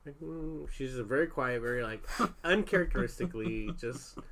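Candid, swearing dad telling stories. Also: male voice, mid-range voice, moderate pace, noisy background. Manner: candid, profane, animated storytelling. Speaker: parent. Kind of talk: casual podcast chat with family.

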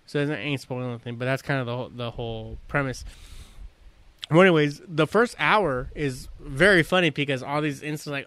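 A man talking casually as a podcast co-host, rambling and animated. His voice is smooth and resonant, sitting at an ordinary pitch for a man. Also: fairly quick, dry recording. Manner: rambling, animated storytelling with many restarts. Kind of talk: casual chat.

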